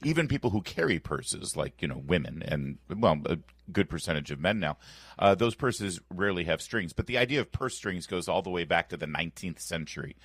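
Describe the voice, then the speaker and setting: Radio host, male, deep register, lively and emphatic, wry sarcasm, dry studio mic. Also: a little fast, husky, no room sound. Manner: emphatic, animated, playfully sarcastic. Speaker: radio talk show host. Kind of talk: morning talk radio banter. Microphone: studio microphone.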